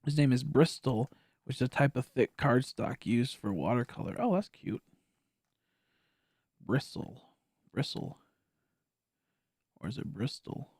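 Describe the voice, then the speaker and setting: A streamer chatting casually over a game, animated, laughing often and swearing freely. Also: mid-range voice, moderate pace, vocal fry, slightly rough, no echo, clean studio sound. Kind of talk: casual gameplay stream chat.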